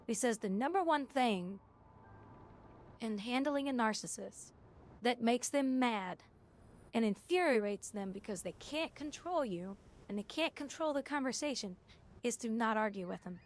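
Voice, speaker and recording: A woman's voice: a little high, lively intonation, a little slow. Chatty woman streamer telling stories. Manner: chatty storytelling with restarts. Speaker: game streamer. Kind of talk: casual chat while gaming.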